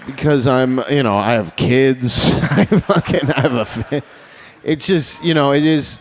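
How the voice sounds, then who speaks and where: Brash, profane comedian on stage. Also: male voice, mid-range voice, measured pace, some chatter behind, a little hiss or hum. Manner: brash, profane, laughing at own jokes. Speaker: stand-up comedian. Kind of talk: stand-up with crowd work.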